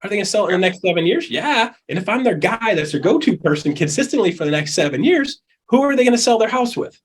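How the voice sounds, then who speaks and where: A man with a high, husky voice coaches real estate agents with a lot of energy. He is middle-aged and keeps acting out clients and calls as he goes. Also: fast talker. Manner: animated, acts out quoted people and calls. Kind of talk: energetic coaching talk in an interview.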